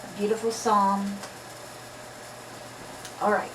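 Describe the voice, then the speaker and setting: Slow and flat, with a slightly bright mid-range voice, a lisping woman reads from the Bible and chats jokingly between readings in a casual vlog. She's recorded at a distance in an echoey room, with a little hiss or hum.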